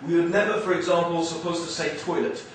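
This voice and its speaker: An English man with a mix of upper-class and East London accents gives an animated, joking religious lecture to an audience. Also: fairly high pitch, fast talker, a little hiss or hum. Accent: English, mixed with East London. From England. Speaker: Islamic speaker. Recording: very echoey hall, mic far off.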